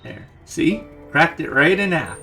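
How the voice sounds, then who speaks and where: A man's voice: on the high side, vocal fry, bright, forceful tone. A man hosting a gaming channel, giving chatty, rambling let's-play commentary into a desk microphone.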